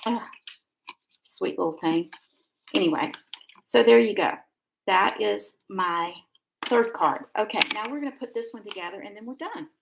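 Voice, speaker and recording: A woman's voice: mid-range voice, lively intonation, moderate pace, creaky, pauses often, background noise. A middle-aged woman, chatting and rambling casually while she demonstrates card making on a live stream. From Georgia, USA. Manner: chatty, rambling, warm asides.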